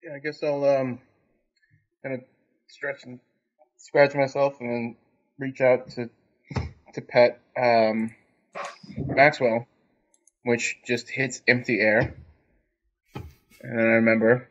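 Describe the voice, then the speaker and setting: A man playing a tabletop role-playing game describes his character's actions in a hesitant way, with many fillers. His voice has a middle pitch and comes through a dull, lo-fi mic. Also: level tone, slow pace, long pauses, fairly bright tone. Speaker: player.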